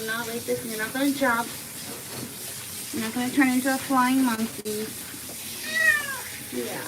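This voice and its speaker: Slow-talking woman groomer cooing to a cat. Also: on the high side, steady tone. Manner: coos and hums to the cat. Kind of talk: chatty livestream while grooming. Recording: loud background noise.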